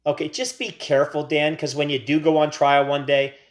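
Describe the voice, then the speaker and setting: A man's voice: fairly high pitch, little pitch movement, brisk. An American man co-hosting a casual podcast, rambling through playful tangents and mock-serious teasing. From United States. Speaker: podcast co-host. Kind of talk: casual chat.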